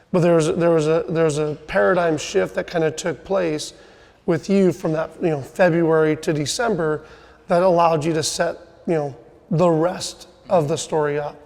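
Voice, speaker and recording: A man's voice: fairly high pitch, creaky, darkish tone, long reverb tail. A middle-aged man hosting a casual podcast interview, coaching his guest and often tagging on "right?" and "you know". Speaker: podcast host, sales team leader.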